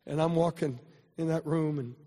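An older man, a pastor, telling a personal story in a sermon, with many restarts, building to loud, fervent preaching. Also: fairly high pitch, fairly even intonation, normal speed. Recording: long hall reverb.

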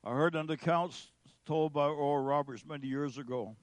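Man preaching, high voice, slow emphatic delivery, dramatic pauses, dry close sound. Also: no echo. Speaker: pastor. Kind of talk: sermon.

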